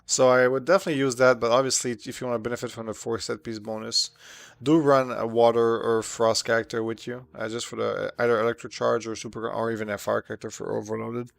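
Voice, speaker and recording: Gravelly-voiced male game streamer. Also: mid-range voice, quick pace, no echo. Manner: relaxed, chatty, lots of fillers and laughs. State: slightly sore throat. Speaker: streamer answering chat questions. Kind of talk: casual live-stream chat while gaming.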